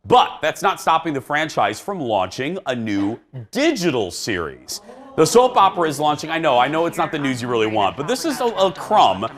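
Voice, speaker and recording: A man's voice: fairly high pitch, moderate pace. A male talk show host, chatting casually and animatedly about entertainment news. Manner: animated and chatty, laughing often. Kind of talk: casual chat.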